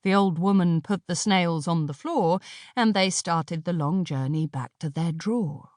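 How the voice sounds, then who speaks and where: A woman narrates an audiobook with a measured, expressive storytelling style. Her voice sits lowish, and the recording is dry and studio quality.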